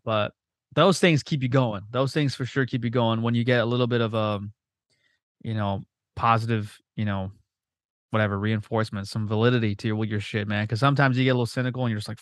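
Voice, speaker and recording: Guy hosting a podcast, talks quick, swears a lot, plays out quotes, dry close mic. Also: mid-range voice, no echo. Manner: profane, animated, quick storytelling with voiced quotes. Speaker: podcast host. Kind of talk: casual chat.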